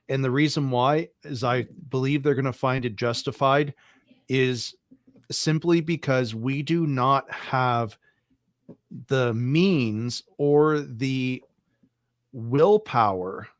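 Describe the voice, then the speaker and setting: A man's voice: medium pitch, no echo, clean studio sound. A man guesting on a political discussion, arguing through a stream of pointed rhetorical questions. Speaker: podcast guest.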